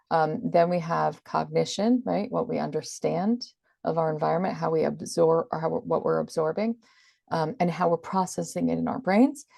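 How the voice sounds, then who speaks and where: A woman's voice: deep voice, creaky, dark tone, no echo, clean studio sound. A woman talking as an interview guest, explaining things earnestly and with emphasis. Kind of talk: conversational explaining.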